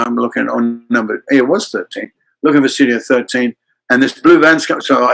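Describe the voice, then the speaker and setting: An older man from Australia, a guest actor telling anecdotes in an animated way and acting out the voices in his stories. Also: mid-range voice, low-quality recording. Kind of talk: anecdotal storytelling in a chat.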